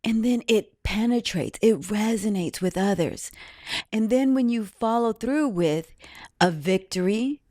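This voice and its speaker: A woman's voice: medium pitch, animated, measured pace, dark tone, dry recording, studio quality. A woman podcast host giving an earnest, reflective, faith-based talk about her own life.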